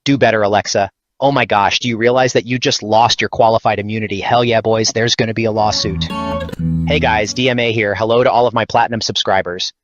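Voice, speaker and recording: A man's voice: lowish voice, steady tone, fairly quick, dry recording, faint music behind, close to an everyday voice. A man voicing a smug, greedy male streamer in a cartoon skit. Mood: indignant. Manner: smug, whiny. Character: greedy self-important male video streamer. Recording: dull dry lo-fi sound.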